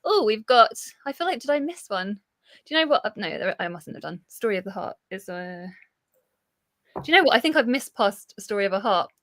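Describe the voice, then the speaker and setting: A woman's voice: mid-range voice, big pitch swings, fairly quick, a bit bright, no room sound, clean studio sound. A woman co-hosting a live book chat, talking casually with frequent laughs and restarts. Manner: chatty and giggly, full of restarts. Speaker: co-host of a book livestream.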